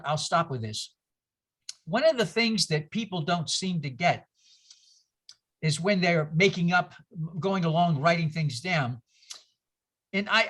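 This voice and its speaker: A man with a bright, forceful tone gives an informal teaching talk to a congregation. He is animated, jumping in pitch for emphasis, and keeps breaking off into asides while asking the room rhetorical questions. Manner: animated, jumps in pitch for emphasis, frequent asides and self-interruptions; asks the audience rhetorical questions.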